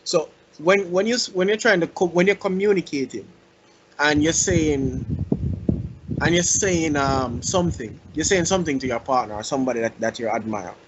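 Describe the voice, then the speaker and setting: A man's voice: fairly high pitch, moderate pace, a little hiss or hum. A man co-hosting a casual podcast, rambling and restarting his sentences, laughing easily, over a muffled lo-fi recording.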